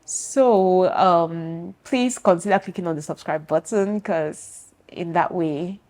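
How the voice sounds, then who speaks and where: A Cameroonian woman in her thirties, speaking with a Cameroonian accent, talks frankly and confidingly to viewers in her personal vlog. Her voice is lowish and a little mellow, and her pace is slow.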